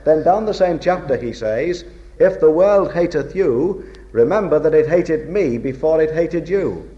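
A man preaching a sermon in a measured, old-fashioned way, slowing down to stress key words. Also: on the high side, dark tone. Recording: dull lo-fi recording.

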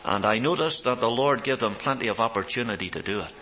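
A man preaching a sermon, swelling in pitch and loudness for emphasis, on a dull recording with mains hum. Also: fast talker.

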